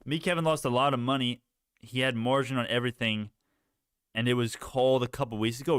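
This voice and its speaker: A man's voice: medium pitch, steady tone, a little fast, a bit bright, clean tone, dry recording, studio quality. A young man hosting a casual stock live stream, rambling, reading the chat and restarting sentences.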